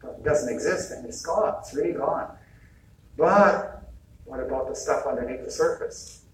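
A retreat speaker gives an informal spiritual talk about healing, chuckling often and acting out bits of dialogue in a conversational way. His voice is fairly high at a moderate pace, picked up by an echoey hall mic from a distance with faint ambience and slight background noise.

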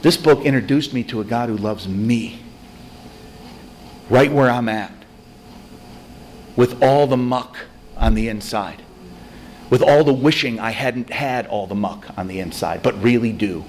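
A man giving a conversational, self-deprecating spiritual talk to a recovery group, telling stories with animated energy. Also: mid-range voice, a little slow, pauses often, slight background noise. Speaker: recovery meeting speaker.

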